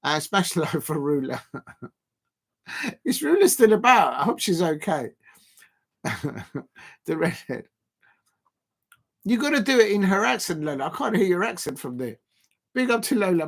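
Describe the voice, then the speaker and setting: A man giving rambling, casual live commentary on a match and shouting out viewers by name. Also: fairly high pitch, very animated, normal speed, gravelly, pauses often, breathy edge. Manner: rambling, chatty, lots of fillers, shouts out viewers. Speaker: live stream host.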